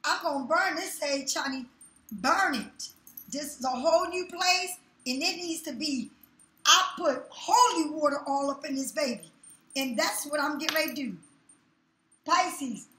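A woman's voice: sits high, bright, forceful tone. A woman giving a tarot reading in a casual monologue, talking bluntly and scolding her viewers with plenty of swearing. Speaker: tarot reader. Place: room in her new home. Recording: echoey room.

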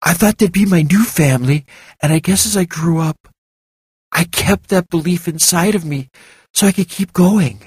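A man reading the part of a young woman, a guarded former slave, in a quiet, wounded telling of her past. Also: high-pitched, moderate pace, breathy edge, no room sound, pitched above the performer's own voice. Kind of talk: audiobook character reading.

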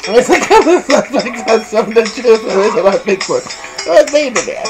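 A woman's voice: fairly high pitch, expressive, moderate pace, poor audio. Giggly woman streamer over game music. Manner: giggly, laughs often, exclaims loudly. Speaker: gameplay streamer. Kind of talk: casual game commentary.

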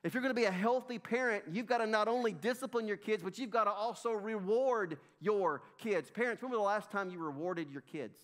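Preaching a sermon in a church sanctuary, this middle-aged Southern US pastor has a voice pitched notably high for a man. He's brisk with few pauses, speaking emphatically, repeating phrases and addressing the congregation as folks.

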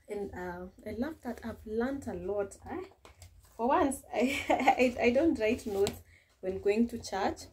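A woman's voice: mid-range voice, a little mellow, slight background noise. A young Kenyan woman chatting casually to camera in a vlog, with frequent restarts and light laughs. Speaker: vlogger.

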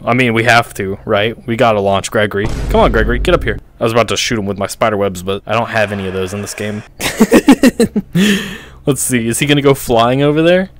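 A young man giving playful, excitable commentary while playing a VR game. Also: lowish voice, a little fast. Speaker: gaming YouTuber. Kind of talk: VR gameplay commentary.

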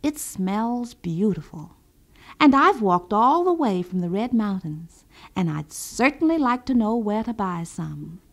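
A woman's voice: medium pitch, big pitch swings, a little slow. A woman storyteller voicing Uncle Bouqui, a sly, hungry folk-tale man who talks politely but turns irritable. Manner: polite, then irritable and impatient. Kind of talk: storybook reading.

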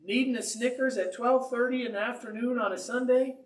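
Man, pastor, high voice, animated storytelling sermon, roomy church sound from a distance. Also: a little fast. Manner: animated, conversational storytelling with humor. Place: church sanctuary.

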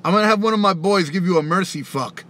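A man's voice: high voice, quick pace, fairly bright tone. A man who raps, hosting a casual live stream and ranting back at viewers' comments, profane and taunting, laughing often. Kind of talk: casual live-stream rant answering chat.

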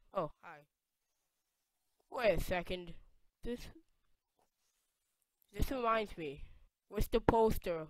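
A let's play gamer giving casual gameplay commentary, excitable, reading on-screen text aloud and breaking into sudden loud yelps. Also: medium pitch, dry recording, clean studio sound.

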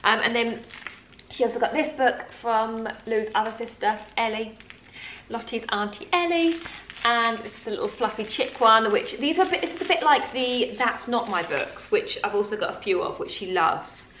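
Chatty mum in roomy room. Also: female voice, on the high side, moderate pace, a bit bright, slight background noise. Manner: chatty, rambling, gushing, with many fillers. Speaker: mum vlogger. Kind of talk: casual chat to camera. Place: home.

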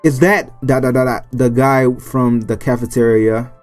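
Playful gaming host reading a story game. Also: male voice, medium pitch, steady tone, moderate pace, darkish tone, faint music behind. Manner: playful, stumbles over names and jokes between lines. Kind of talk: reading a visual novel aloud with commentary.

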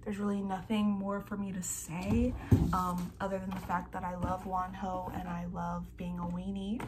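A young woman vlogging an excited unboxing from home, gasping and squealing over fan merchandise. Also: mid-range voice, moderate pace, very noisy.

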